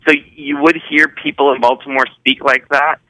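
Chatty man, bright dry voice. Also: medium pitch, flat delivery, normal speed, dry recording, poor audio. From Eastern Shore, Maryland, US. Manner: rambling, full of "um" and "you know". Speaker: podcast guest. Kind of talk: casual conversational chat.

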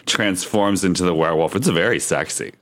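Really deep-voiced guy, chatty and animated, giggles while telling stories. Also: a little fast. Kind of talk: casual podcast chat.

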